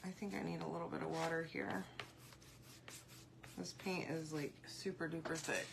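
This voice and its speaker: A chatty woman with a slightly low voice walks viewers through a craft project in a loose, rambling way. She talks while she works and answers comments aloud as they come in. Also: steady tone, moderate pace, vocal fry, noisy background. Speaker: craft video host. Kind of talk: casual crafting tutorial.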